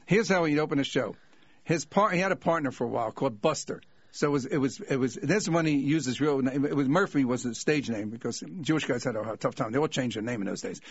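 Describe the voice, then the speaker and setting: An older man, a comedian guest, telling anecdotes in a lively way and laughing as he goes. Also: mid-range voice, quick pace, breathy edge, no room sound. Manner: lively, laughing as he tells stories. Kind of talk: anecdotal storytelling. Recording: dull dry lo-fi sound.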